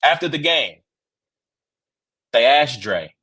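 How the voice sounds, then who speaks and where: A man hosting a sports podcast, telling stories in a casual, excitable way and often tossing in "right?" asides. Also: mid-range voice, slow pace, husky. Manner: excitable, acts out quotes with loud shouts; conversational, rhetorical asides like "right?". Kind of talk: casual sports reaction and storytelling.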